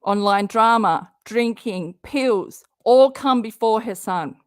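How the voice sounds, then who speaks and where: Heated, slow-talking woman live-streamer. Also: a little high, smooth, dry recording, studio quality. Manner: heated and blunt, swears and talks straight at her target; reads viewer chat comments aloud. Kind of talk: live-stream drama commentary.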